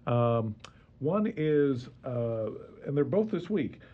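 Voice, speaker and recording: A man's voice: mid-range voice, very animated, lo-fi sound. A man guesting on a radio show, chatting about history with frequent laughs, fillers and restarts. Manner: chuckling, halting with many fillers. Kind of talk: casual radio chat.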